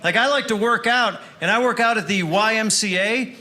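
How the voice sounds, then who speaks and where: A young man doing stand-up with a dry, wry delivery and sudden shouted bits. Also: sits high, moderate pace. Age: young adult. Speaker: stand-up comedian. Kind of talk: stand-up comedy set.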